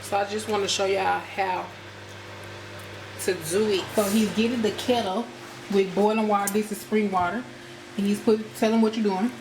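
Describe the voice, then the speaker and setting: A chatty woman talks viewers through a home-cooked meal, speaking easily to them as a friendly cooking vlogger. Her voice rings around a reflective kitchen. Pots and dishes clatter clearly behind her. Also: medium pitch, steady tone, normal speed. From United States. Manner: chatty, addresses viewers as y'all. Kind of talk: casual cooking demonstration. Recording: echoey kitchen with cooking noise.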